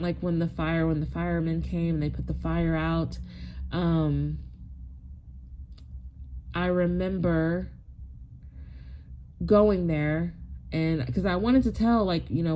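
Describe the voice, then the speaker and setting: A woman's voice: fairly low pitch, warm tone, a little hiss or hum. A woman in her forties, tearful and close to crying, telling a rambling personal story with many likes and you knows. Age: 40s. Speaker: spiritual wellness vlogger.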